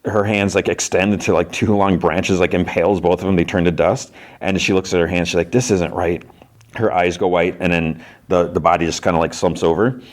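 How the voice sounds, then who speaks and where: A man's voice: sits low, level tone, a little fast, few pauses. A man hosting a podcast, casually recapping an episode in a rambling way full of fillers. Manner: rambling, heavy use of "like". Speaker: podcast host.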